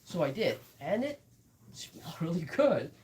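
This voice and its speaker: A woman's voice: lowish voice, sing-song, a little slow, darkish tone, distant mic, a little hiss or hum, rough recording. A woman who blends whiskey, chatting through a live tasting and telling stories with quoted asides.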